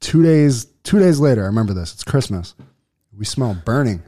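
A man's voice: mid-range voice, animated, normal speed, warm tone. Laid-back man telling a story. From Buffalo, New York. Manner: laid-back, swears often. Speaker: podcast co-host. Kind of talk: casual podcast storytelling.

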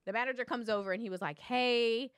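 Talking very fast in a smooth, mid-range voice, this female podcast co-host spins an animated story in casual conversation. She acts out people's quotes and keeps tagging on "okay?". There is no room sound.

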